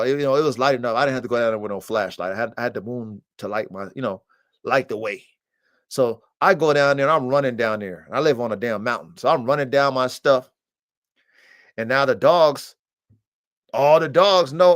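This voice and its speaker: A man hosting a podcast about breeding dogs, telling a story in a casual, profane way and swinging into loud, high-pitched outbursts. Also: no echo, studio quality. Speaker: podcast host and dog breeder.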